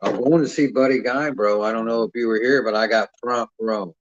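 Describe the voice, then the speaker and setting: A man's voice: fairly low pitch, steady tone, fairly quick, no room sound. A man talking casually and profanely at length, rambling and ending his sentences with "man". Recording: dull lo-fi dry sound.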